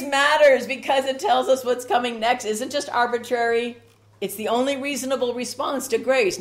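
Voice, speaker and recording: A woman's voice: a little high, expressive, normal speed. A woman preaching a sermon with rhythmic repetition and strong emphasis.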